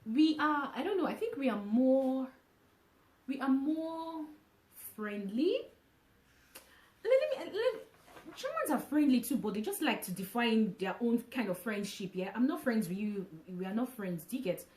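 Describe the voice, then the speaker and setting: A woman vlogging casually to camera, from Nigeria, who talks in an animated way, repeating phrases and restarting often. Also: high voice, measured pace, reverberant.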